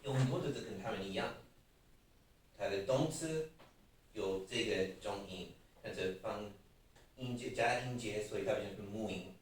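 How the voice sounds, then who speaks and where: A man's voice: lowish voice, normal speed, pauses often. Male English teacher, patient and coaxing; heard from afar in a reverberant classroom. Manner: explains patiently, prompts students to repeat. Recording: very echoey room, from far off.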